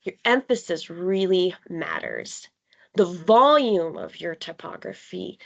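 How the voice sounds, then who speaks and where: A woman leading a live online design workshop, explaining ideas in a conversational way with fillers and pauses for emphasis. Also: on the low side, sing-song, creaky. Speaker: workshop facilitator. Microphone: video call.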